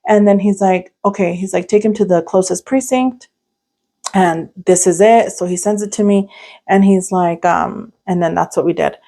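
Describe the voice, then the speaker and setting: A woman's voice: medium pitch, moderate pace, dark tone. A young woman co-hosting a podcast, telling a story in casual chat with lots of fillers and restarts. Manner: rambling, many "like" fillers and restarts. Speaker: podcast co-host.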